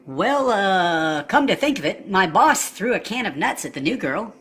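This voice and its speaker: A woman voicing a hesitant, deadpan husband who mumbles his answers. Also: mid-range voice, moderate pace, husky, pitched below the performer's own voice. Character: sluggish mumbling husband, middle-aged man.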